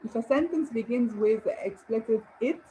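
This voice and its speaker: A woman's voice: a little high, normal speed, dark tone, slight background noise, poor audio. A woman English teacher giving an online grammar lesson, encouraging and asking her viewers questions. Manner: encouraging, rhetorical questions and praise.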